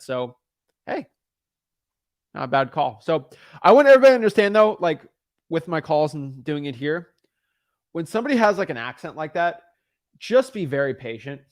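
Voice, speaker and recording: A man's voice: a little high, lively intonation, normal speed, no echo, studio quality. A man casually explaining his cold calls to viewers and talking with sellers, rambling and often repeating words as he starts a sentence. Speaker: real estate wholesaler making cold calls.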